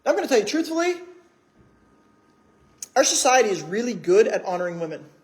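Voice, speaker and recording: A man's voice: high-pitched, sing-song, brisk. A man preaching a sermon in church, conversational, with many rhetorical questions. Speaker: pastor.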